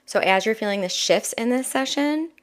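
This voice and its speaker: A woman giving a live-streamed spiritual oracle reading, talking softly and chattily with many fillers and asides. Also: fairly high pitch, expressive, normal speed.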